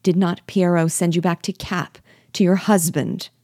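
A woman's voice: fairly low pitch, fairly even intonation, normal speed, warm tone, no room sound, clean studio sound. A woman reading aloud voices a young husband, speaking his lines in an earnest, impassioned way. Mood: questioning. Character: young husband, ardent and remorseful.

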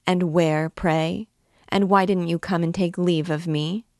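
A fretful young noblewoman, read aloud by a woman, presses her suitor with pleading, insistent questions. Her voice sits low. The recording is dry and close, with no room sound. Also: fairly even intonation, measured pace, darkish tone, dry recording. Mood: anxious. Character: anxious young noblewoman in love.

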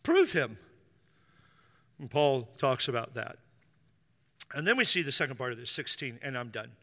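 A man preaching a sermon in a church, telling a story with lively acted-out quotes. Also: medium pitch, brisk, big-room sound. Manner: animated storytelling, acting out quoted voices. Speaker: pastor.

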